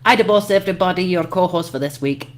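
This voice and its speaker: A woman's voice: lowish voice, quick pace. A brash woman hosting a casual livestream chat, swearing freely and laughing often. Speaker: host.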